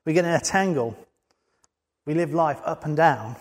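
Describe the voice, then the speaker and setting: A preacher delivers his sermon with earnest conviction, rising to emphatic peaks. His voice sits a little high for a man. The sound carries a long reverb from a large hall. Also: moderate pace.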